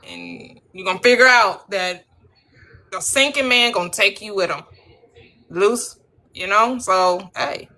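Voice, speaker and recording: A woman hosting a live-stream panel, talking bluntly and briskly in a streetwise way. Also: medium pitch, very animated, pushed and bright. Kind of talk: casual live-stream talk.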